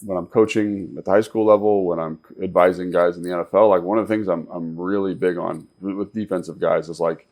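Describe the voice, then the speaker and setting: A very deep-voiced man, a former football player and coach, co-hosts a sports talk show and breaks down the game casually. He speaks a little fast with a slightly mellow tone, emphatic like a coach instructing players, and keeps circling back to repeat his point.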